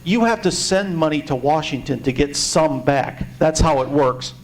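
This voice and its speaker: Midwestern man, slightly high gravelly voice, joking and indignant meeting speaker. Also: expressive, moderate pace, low-quality recording. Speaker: party member giving a presentation. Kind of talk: informal speech to a meeting.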